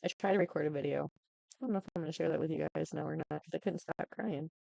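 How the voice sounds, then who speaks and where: Tearful woman with a creaky, dark voice. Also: deep voice, dry recording, poor audio. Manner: halting and subdued, with many ums. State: tearful, close to crying. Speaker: YouTuber giving an update. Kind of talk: casual talk to camera.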